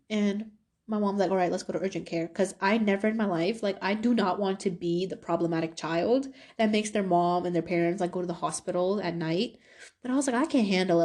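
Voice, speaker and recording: Young woman, podcast host, mid-range voice, casual storytelling, lively when she acts out quotes. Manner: animated, acts out quoted dialogue with pitch jumps.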